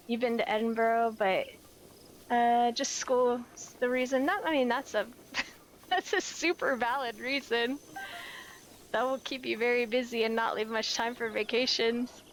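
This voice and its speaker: Chatty American woman streamer, high voice. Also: steady tone, unhurried, slight background noise. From United States. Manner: chatty, searching for words, reading chat aloud. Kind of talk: casual chat with viewers while gaming.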